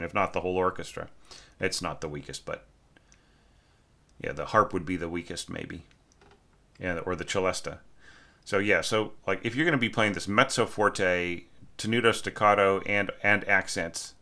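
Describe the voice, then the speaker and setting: Low-voiced male music teacher, bright forceful tone, casual score critique, scats rhythms. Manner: thinking aloud, many fillers, sings rhythms as syllables. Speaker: orchestration teacher reviewing a student score.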